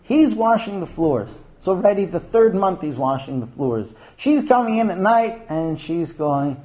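A man giving a talk on marriage delivers a lively, humorous lecture to an audience, telling anecdotes and acting out the people in them as he lays out numbered points. His slightly high voice is soft and mellow, and he speaks at a normal speed.

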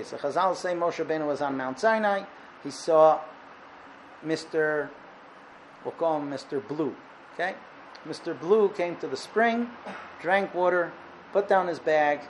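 A man teaching a Torah lesson, explaining with a parable and acting out its dialogue with animated delivery. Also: fairly high pitch, slight background noise, low-quality recording. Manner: animated, acts out dialogue in the story. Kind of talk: lecture with parable storytelling.

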